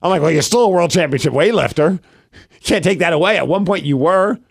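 Man, thirties, casual chat, animated, lots of "like", higher pitch. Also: fast, creaky, husky, no echo, studio quality. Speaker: podcast co-host.

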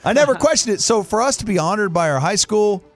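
A man in his forties, co-hosting a casual sports chat, telling a long story with lively acted-out voices. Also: high voice, quick pace, faint music behind. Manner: animated storyteller, acts out family voices. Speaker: co-host.

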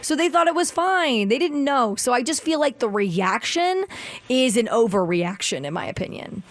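A woman's voice: on the high side, very animated, normal speed, no echo. Chatty female radio co-host. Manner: opinionated, chatty, frequent "like". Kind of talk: morning radio banter.

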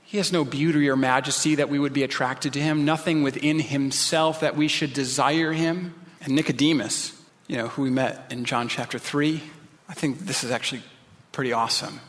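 A man's voice: mid-range voice, steady tone, normal speed, a bit bright, in a large hall. A male pastor preaching a sermon, earnest and pleading, sometimes dropping his voice to a whisper.

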